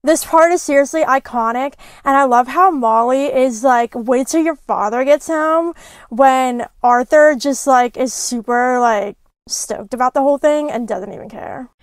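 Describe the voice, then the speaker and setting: A woman's voice: high-pitched, moderate pace, smooth, dry recording. A young woman co-hosting a podcast, chatting with enthusiasm and lots of fillers. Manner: enthusiastic, valley-girl fillers, giggly. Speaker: podcast co-host. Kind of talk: casual chat.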